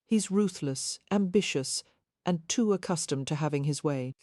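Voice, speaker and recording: Helen, a woman reading a gentle young lady. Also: low voice, normal speed, no echo, clean studio sound. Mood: tender.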